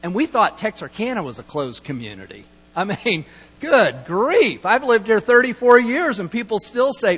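A man's voice: sits high, very animated, normal speed, a bit bright, slightly rough. A middle-aged man pastor giving a conversational, storytelling sermon and acting out quoted lines. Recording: long hall reverb, mains hum.

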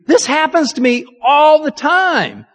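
Pastor, male, high lively voice, chatty self-mocking sermon, long hall reverb. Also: slow pace. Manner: candid, self-deprecating and chatty. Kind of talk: conversational sermon.

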